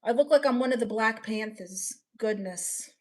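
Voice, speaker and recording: A woman's voice: a little high, moderate pace. A woman in a casual live stream, playfully reading viewer comments aloud and riffing on them.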